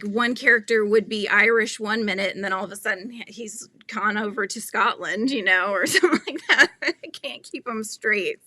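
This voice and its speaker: A woman's voice: mid-range voice, pushed and bright, dry recording. A woman from the United States, a children's book author chatting casually on a live stream, rambling and laughing often.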